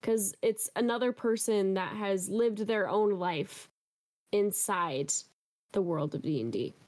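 A woman co-hosting a casual podcast, explaining in a relaxed, easygoing way. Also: medium pitch, unhurried. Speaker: podcast co-host. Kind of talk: casual chat.

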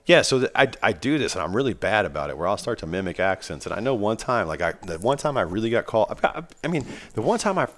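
With a fairly low, sing-song voice, this podcast host talks fast and barely pauses, while slight background noise sits behind him. He chats casually on a microphone with headphones, rambling and joking as he tells his stories.

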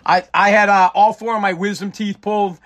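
A man's voice: high voice, steady tone, brisk, fairly bright tone. Blunt, profane man. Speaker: host. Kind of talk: opinionated monologue.

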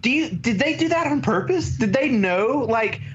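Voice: mid-range voice, normal speed, muffled recording. Curious podcast cohost, middle voice, bit of background noise. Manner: quizzical, animated questions. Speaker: podcast co-host. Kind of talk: casual movie review chat.

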